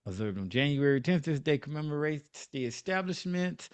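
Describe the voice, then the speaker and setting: A man's voice: on the high side, animated, normal speed, smooth, no room sound. Guy hosting a podcast, jokey, reads the daily listings, dry close mic. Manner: joking, reads day listings aloud. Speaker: podcast host. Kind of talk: casual podcast chat.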